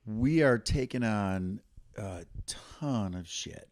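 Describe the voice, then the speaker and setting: A man's voice: fairly low pitch, animated, takes it slowly, a little mellow, dry recording. A middle-aged man co-hosting a casual podcast with his partner, talking in a joking, teasing way. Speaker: podcast co-host. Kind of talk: casual couple's chat.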